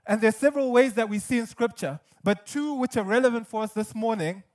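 A man's voice: extremely high pitch, quick pace. A man pastor preaching a sermon in an earnest, emphatic way, with repetition and light humor.

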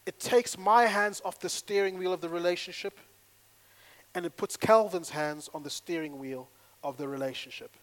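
A male pastor preaching a sermon in an animated way, acting out little dialogues and swinging between loud and hushed delivery. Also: high voice, moderate pace.

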